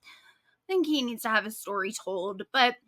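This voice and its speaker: A woman co-hosting a true-crime podcast, talking in a casual, animated way with a sarcastic edge. Her voice is bright and a little high. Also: normal speed, dry recording, studio quality. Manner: animated, sarcastic storytelling with frequent likes. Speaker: podcast co-host.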